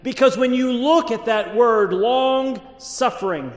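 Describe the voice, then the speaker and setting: Guy pastor preaching sunday sermon, pretty high voice, big echoey church sound. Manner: measured preaching, drawing out key words. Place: church sanctuary.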